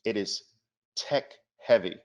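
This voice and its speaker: Slow and lowish, this man's darkish voice delivers a trading seminar market presentation, with the high frequencies cut off. He speaks with emphasis and keeps asking the audience rhetorical questions.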